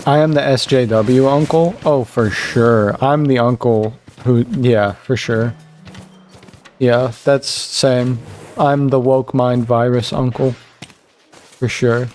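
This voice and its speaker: A young man chatting casually while streaming a game, rambling and animated, jumping high when he quotes other people. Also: slow pace, faint music behind.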